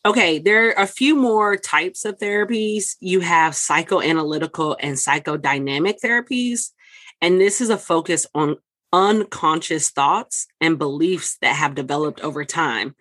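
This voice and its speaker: Podcast host explaining clearly. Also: mid-range voice, moderate pace, fairly bright tone. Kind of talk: explaining to listeners.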